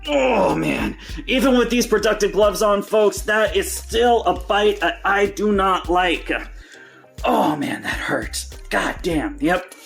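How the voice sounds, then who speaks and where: A man hosting a casual reptile-care vlog from a reptile room in his home, talking in an excitable, joking way. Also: high-pitched, a little slow, creaky. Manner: excitable and joking, yelps in pain when bitten. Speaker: reptile keeper and channel host. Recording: echoey room with faint music.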